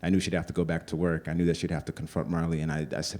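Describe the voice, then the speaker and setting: Deep-voiced man telling a story live. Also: very fast, dark tone. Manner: conversational, full of "like" fillers.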